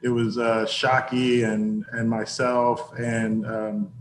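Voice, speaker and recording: A middle-aged man, a former football player, talking in a reflective, measured way as an interview guest, often restarting his sentences. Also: mid-range voice, little pitch movement, echoey room, poor audio. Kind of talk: casual interview talk.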